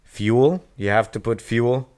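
A man chats casually on a podcast, dropping dry and sarcastic remarks. His voice is smooth and clear at a middle pitch. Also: slow, a little mellow. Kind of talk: casual chat.

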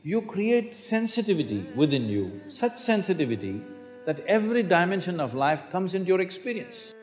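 Man in his sixties, spiritual teacher, emphatic and wry, fairly high voice, big hall reverb. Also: sing-song, moderate pace, darkish tone, soft background music. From India. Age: 60s. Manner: emphatic, with rhetorical questions and dry humor. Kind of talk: public talk to an audience. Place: large lecture hall.

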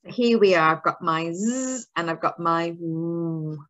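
A woman's voice: lowish voice, measured pace, fairly bright tone. A woman teaching a phonics lesson to young children, drawing out her words in a sing-song, encouraging way. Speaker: early years teacher.

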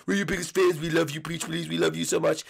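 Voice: medium pitch, little pitch movement, fast talker, vocal fry, slight background noise. A performer voicing a clingy, eager young male fan who gushes and pleads in a game role-play video. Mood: fawning. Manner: pleading, gushing.

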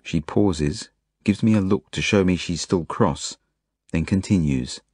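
A man's voice: deep voice, unhurried, darkish tone, husky, no echo, clean studio sound. A man narrating a children's novel in the first person, in an earnest, plain storytelling manner. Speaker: audiobook narrator.

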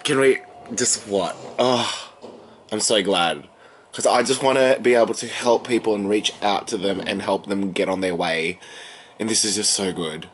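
Excitable, chatty young man. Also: on the low side, moderate pace. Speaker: vlogger. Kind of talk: casual vlog chat. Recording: noisy background.

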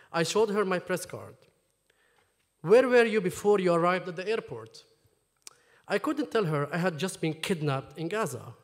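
Man, author from Jerusalem; emphatic talk and reading, slightly high pitch, reverberant hall. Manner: emphatic, questioning the audience. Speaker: author at book launch. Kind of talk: talk then reading from his memoir. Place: lecture hall.

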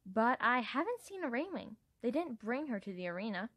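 A woman's voice: a little high, very animated, brisk, a bit bright, no room sound, voice pushed up. A blunt, chirpy young female dragon champion, voiced by a woman reading aloud. She sounds eager and matter-of-fact, with a dry, close sound and no room around her. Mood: cheerful. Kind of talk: amateur audiobook character voice.

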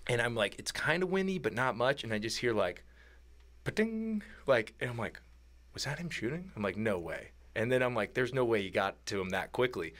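A man recounting a mountain hunt in relaxed podcast talk. He gets animated, laughs through the story and slips into quoted voices of his hunting partner. His pitch sits in the middle range. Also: a little fast. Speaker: podcast guest. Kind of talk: casual storytelling.

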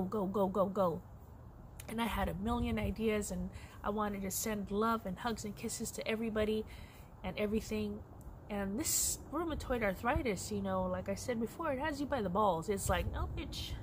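A middle-aged woman chatting candidly in a personal crochet vlog, laughing often. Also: mid-range voice. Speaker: crochet vlogger. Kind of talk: casual personal vlog chat. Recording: noisy background.

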